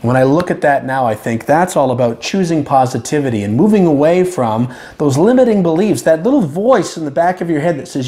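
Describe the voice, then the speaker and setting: A man giving calm, earnest, reflective advice to camera as a self-help vlogger, with slow emphatic phrases. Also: on the high side. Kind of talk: casual reflective talk to camera.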